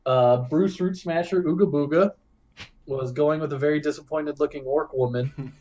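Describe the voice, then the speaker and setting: A man's voice: a little high, normal speed, darkish tone. A man acting as game master, recapping a tabletop game in a rambling way with frequent laughter.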